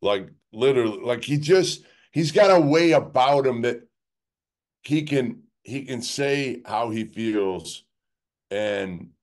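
A man's voice: medium pitch, lively intonation, slow, darkish tone. A man co-hosting a sports podcast, talking casually in a rambling way full of "like" and restarts. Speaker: podcast co-host.

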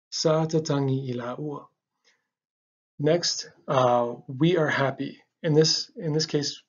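Relaxed man teaching with husky voice. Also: medium pitch, highs cut off. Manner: relaxed, many ums and uhs, repeats words slowly. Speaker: language teacher. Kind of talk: casual language lesson.

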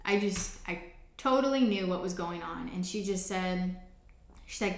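A woman's voice: on the low side, measured pace. A woman hosting a faith ministry show, telling a personal testimony story in an earnest, conversational way with frequent restarts. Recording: roomy echo.

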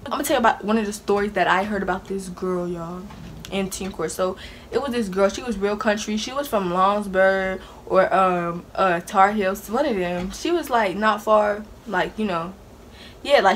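A young woman tells a story to her viewers, sassy and animated, speaking with plenty of attitude. Her voice sits at an ordinary middle pitch, with a faint hiss in the background. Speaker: vlogger. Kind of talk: casual storytime.

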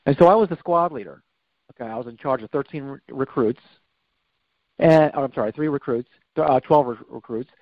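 A man's voice: medium pitch, a little fast, dry recording. A man as a podcast guest, telling a personal story in a rambling way and often correcting himself. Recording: slightly dull, dry recording.

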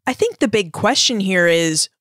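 A woman hosting a history podcast, putting clear, probing questions to a guest. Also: mid-range voice, animated, normal speed, fairly bright tone, no room sound, clean studio sound. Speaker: podcast host. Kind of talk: interview question.

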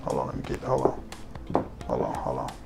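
A man voicing his buddy, a young guy urgently raving about a fragrance in a low, hushed, insistent way. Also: big pitch swings, fairly quick, gravelly, noisy background, full character voice. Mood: hyped.

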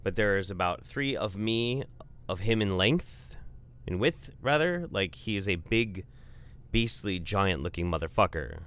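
A man tells a rambling, profane comic story in a casual, offhand way, stopping for plenty of "um"s and "uh"s. His voice is fairly low, with a smooth, clean tone. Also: expressive, unhurried, a bit bright.

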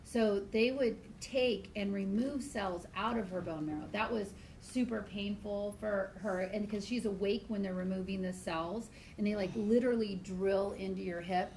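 A woman biology teacher lecturing her class in a chatty, animated way, mixing lessons with personal stories. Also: medium pitch, normal speed, few pauses, a little hiss or hum. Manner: chatty, animated storytelling, talks to students directly. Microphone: iPad screencast recording.

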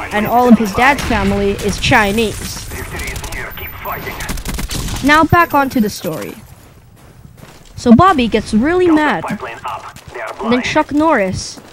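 A young man telling a rambling, improvised comic story in a deadpan way, pausing often. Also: very high-pitched, poor audio. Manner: rambling, deadpan, with long pauses.

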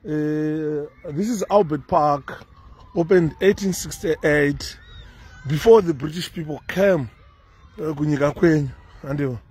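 A man's voice: on the high side, a little slow, darkish tone, husky. A man with a Zimbabwean accent giving a rambling, casual commentary to viewers while strolling through an outdoor city park, recorded on a handheld phone. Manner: rambling, conversational, chatty asides to viewers. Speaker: vlogger.

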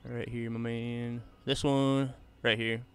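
A man's voice: medium pitch, level tone, slow pace, a bit bright, clean tone. A man doing casual live gaming commentary, chatting easily with viewers and tossing in "man" and "bro" all the time. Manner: laid-back, drawls "man" and "bro" often. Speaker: streamer.

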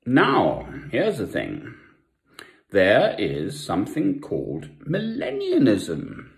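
An older man from South Africa, talking at home in a rambling personal monologue with pauses and asides. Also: on the low side, huge pitch swings, vocal fry. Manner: meandering, with long pauses and asides. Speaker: Christian vlogger. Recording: echoey room.

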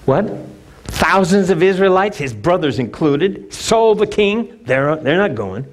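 A male pastor preaching a sermon, telling a story with animated, emphatic repeats. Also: high-pitched, measured pace.

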